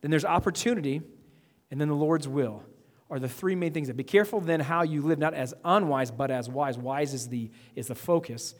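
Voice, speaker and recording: A man preaching a sermon, building to emphatic outbursts and repeating phrases as he goes. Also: a little high. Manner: preaching with emphatic rising outbursts and quick repetitions. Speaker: pastor. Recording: long reverb of a hall.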